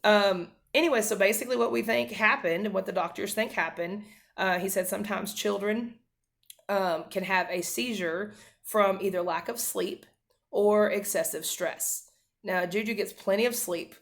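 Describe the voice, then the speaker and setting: A woman's voice: mid-range voice, moderate pace, vocal fry. A woman in her thirties, a mother, earnestly telling a family story to camera, with many fillers and restarts.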